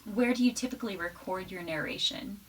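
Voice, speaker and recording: A woman's voice: mid-range voice, fairly quick, a bit bright. A woman asking short questions from afar. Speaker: interviewer. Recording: distant, faint background hiss.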